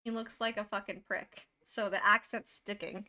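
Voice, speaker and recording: A woman streaming a game, reacting in an excitable, swearing, lively way. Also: mid-range voice, moderate pace, few pauses, slight background noise. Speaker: gaming streamer. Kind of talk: reacting while playing a game. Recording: loud game music behind.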